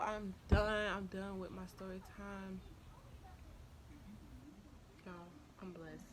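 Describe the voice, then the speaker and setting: A woman's voice: medium pitch, little pitch movement, slow pace, long pauses, fairly bright tone, slight background noise. A young woman telling a heartfelt story to her channel in a casual vlog, emotional and full of thanks. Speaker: vlogger.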